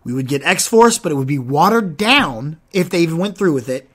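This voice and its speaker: A young man with a slightly raised voice hosts a solo podcast. He talks in an animated, rambling way. He often restarts and stumbles over his words. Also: fairly high pitch, moderate pace, husky. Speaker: podcast host.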